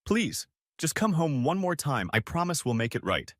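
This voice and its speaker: A man voices a tearful, pleading mother in a fairly high, pushed-up voice that is very animated and fairly bright. He speaks at a moderate pace, and the recording is dry and studio quality.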